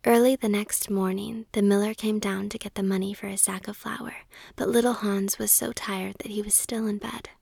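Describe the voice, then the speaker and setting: A woman reading a story aloud in a whisper, in a soft, steady way. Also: mid-range voice, normal speed, creaky, few pauses, slightly rough, dry recording, studio quality.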